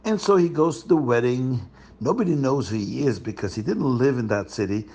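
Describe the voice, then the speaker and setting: A man telling a story to children in an animated way, asking his listeners questions. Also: mid-range voice, brisk, husky.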